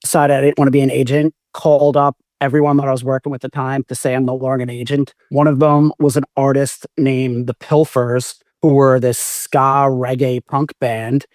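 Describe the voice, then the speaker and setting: Here a man in his forties, a music manager on a podcast, speaks at a normal speed with few pauses, his mid-range voice flat and a little mellow. The casual interview finds him rambling and self-correcting through long anecdotes, in studio-quality audio with no echo.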